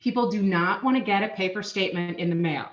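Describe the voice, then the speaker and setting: A woman's voice: medium pitch, fast talker. A middle-aged woman with a Minnesotan accent, chatting upbeat as an interview guest, with lots of ums. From Minnesota, USA. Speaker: guest, payments market manager. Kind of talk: casual interview chat. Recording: echoey, dull lo-fi remote audio.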